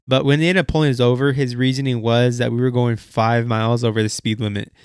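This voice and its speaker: A man's voice: mid-range voice, level tone, quick pace, clean tone, no room sound, studio quality. A young man hosting a car vlog, telling a story casually with lots of fillers and quoted asides. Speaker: car channel host.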